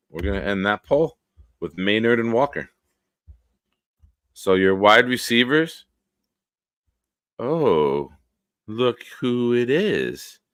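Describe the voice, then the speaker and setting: A man hosting a casual livestream chat, telling rambling, excitable stories. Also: mid-range voice, no room sound. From Northeastern US. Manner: rambling, excitable storyteller who swears casually. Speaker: host.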